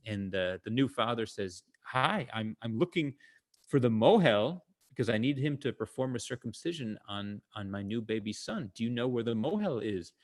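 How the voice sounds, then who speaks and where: A male comedian casually telling jokes and stories over a video call, with frequent fillers, stopping to explain his punchlines. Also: mid-range voice.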